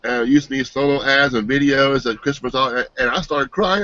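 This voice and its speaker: A man giving an earnest, emotional personal testimonial, halting and restarting as he speaks. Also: mid-range voice, pushed and bright, no room sound. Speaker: team member giving a testimonial. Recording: dull, dry lo-fi sound.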